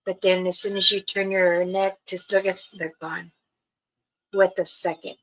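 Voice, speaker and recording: An older woman, a spiritual elder, talking casually to her viewers in a slow, soft, halting way with many pauses. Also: lowish voice, level tone, poor audio. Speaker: spiritual elder and channel host.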